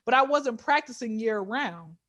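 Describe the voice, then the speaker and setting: A woman from with a high voice talks as a comedy guest. She tells casual stories in an animated, joking way, jumping into loud bursts of emphasis. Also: moderate pace. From Georgia, USA.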